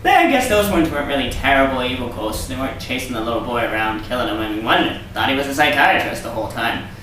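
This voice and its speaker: A man's voice: medium pitch, lively intonation, quick pace, bright, forceful tone, distant mic. A man hosting his own vlog, talking in a sarcastic, rambling rant. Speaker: vlog host. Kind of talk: casual vlog monologue. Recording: echoey room, off-mic, faint hiss.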